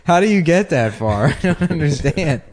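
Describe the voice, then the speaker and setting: A man's voice: a little high, animated, normal speed, a little mellow. A man co-hosting a comedy podcast, trading crude jokes in casual chat and slipping into silly voices. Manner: crude, jokey, slips into silly character voices. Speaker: podcast co-host.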